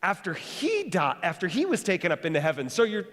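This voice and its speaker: Male preacher, quick conversational sermon, lively jokes, long reverb from a big church hall. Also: sits high. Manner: fast-talking, rising to animated bursts; joking, conversational. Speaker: pastor.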